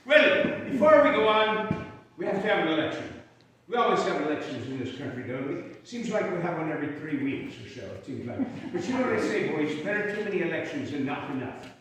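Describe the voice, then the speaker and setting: High, folksy Irish-accented man in an echoey hall. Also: animated, brisk, a bit bright, slight background noise. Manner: folksy, rambling, chatty asides to the audience. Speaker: living-history performer in character as an Irish Union soldier. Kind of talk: storytelling in character, with sung songs. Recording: echoey hall, mic far off.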